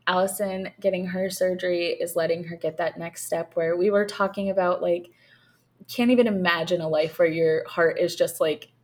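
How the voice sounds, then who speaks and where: A woman in her thirties co-hosting a podcast in casual chat, a lively storyteller who laughs often. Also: on the low side, normal speed. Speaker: podcast co-host.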